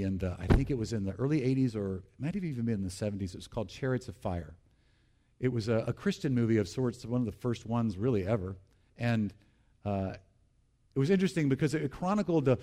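A man's voice: mid-range voice, mellow. A male pastor preaching a sermon, repeating key phrases and calling on the congregation to respond.

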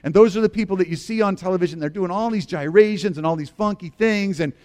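A man's voice: high voice, fast talker, a little mellow. A man in his fifties, a pastor preaching a sermon in an earnest, conversational way, often restarting his sentences. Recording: long reverb of a large hall.

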